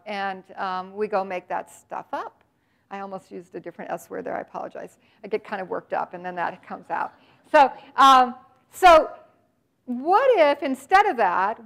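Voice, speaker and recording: Woman presenter, bright higher voice, lively and emphatic business talk addressed straight to the room. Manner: animated and emphatic, addresses listeners directly. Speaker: marketing presenter.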